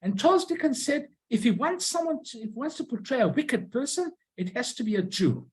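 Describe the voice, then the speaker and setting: This is an informal illustrated talk about an old collection, delivered by a presenter at an ordinary, middle pitch. The speech is halting, full of restarts and on-the-spot corrections, as each item is shown and explained. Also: very animated, poor audio. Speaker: presenter showing a collection of stamps and postcards.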